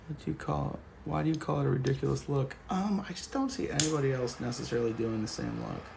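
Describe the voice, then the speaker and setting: A man's voice: mid-range voice, very animated, fast, creaky, noisy background. A man hosting a casual livestream, chatting loosely and joking while reading comments. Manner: laid-back, joking, chatty. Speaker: livestream host.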